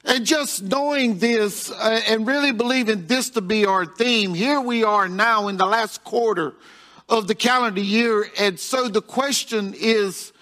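Slow, high-voiced male pastor. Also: bright, forceful tone. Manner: repetitive, folksy, chuckles at his own jokes. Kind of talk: sermon.

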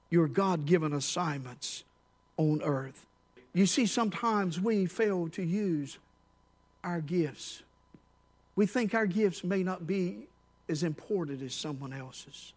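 High-voiced preacher who swings loud and low. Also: male voice. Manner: storytelling preacher, rises to shouts at the climax; drops low and quiet on key words. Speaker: pastor. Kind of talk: sermon.

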